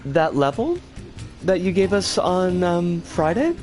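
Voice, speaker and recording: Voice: very animated, normal speed, soft background music. A game streamer chatting casually over gameplay and greeting viewers by name. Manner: chatty, greets viewers warmly, swings pitch a lot. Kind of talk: casual live game commentary.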